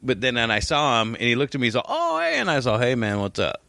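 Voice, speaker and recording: A man's voice: mid-range voice, fast, dry recording. A man co-hosting a podcast, telling stories casually, swearing often and acting out what others said. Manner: animated storytelling, swearing, mimics others. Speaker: podcast co-host. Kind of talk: casual chat.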